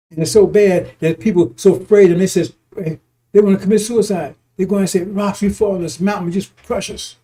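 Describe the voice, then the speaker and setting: A man's voice: fairly high pitch, dark tone. A man giving informal, emphatic preaching on scripture. He repeats himself, chuckles often and swears freely. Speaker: religious teacher.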